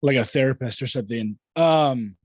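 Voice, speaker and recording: A man's voice: mid-range voice, normal speed, no echo. A man hosting a casual podcast, asking long, hesitant questions full of fillers. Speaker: podcast host.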